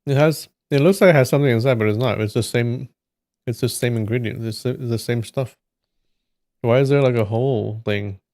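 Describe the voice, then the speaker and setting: A man's voice: mid-range voice, brisk, a little mellow, no room sound, clean studio sound. A man hosting a live stream, chatting casually and with amusement while he tastes snacks. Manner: musing, amused, trailing asides.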